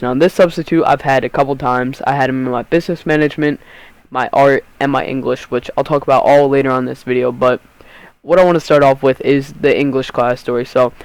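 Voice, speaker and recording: A man's voice: mid-range voice, clear, resonant tone, dry recording, poor audio. A teenage boy telling a rambling, profane storytime to his vlog audience, often cutting himself off mid-sentence. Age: teens. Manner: rambling, profane, self-interrupting. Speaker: YouTube storyteller.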